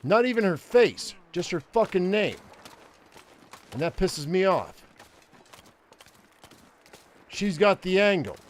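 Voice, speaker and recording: A man's voice: sits high, sing-song, takes it slowly, pauses often. An older man giving casual, profane gameplay commentary, ranting and rambling with frequent restarts. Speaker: gaming streamer.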